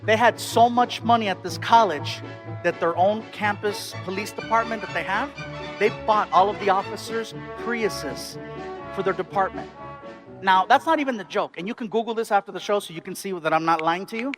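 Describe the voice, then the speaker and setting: A man performing stand-up comedy, telling a story in an animated way with bursts of excited shouting. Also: high-pitched, moderate pace, over music. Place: stage before a live audience.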